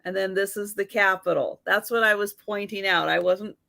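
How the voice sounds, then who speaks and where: A woman's voice: mid-range voice, fairly even intonation, moderate pace, gravelly, sharp tone, dry recording. A woman guesting on a live chat, talking earnestly and laughing easily, often repeating herself. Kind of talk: casual chat.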